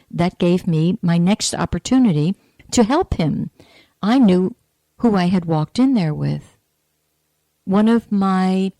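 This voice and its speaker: A middle-aged woman hosting a spiritual talk radio show, telling a personal story in a chatty, animated way with quoted asides. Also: mid-range voice, no room sound.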